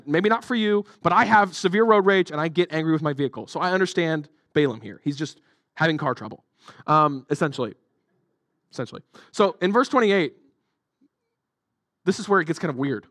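A man's voice: fairly high pitch, a bit bright, no echo. A male pastor preaching a sermon in a conversational, jokey way with many fillers.

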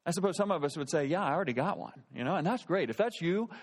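A pastor in his thirties telling a personal story in a relaxed, conversational sermon and asking his listeners questions. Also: fairly high pitch, quick pace.

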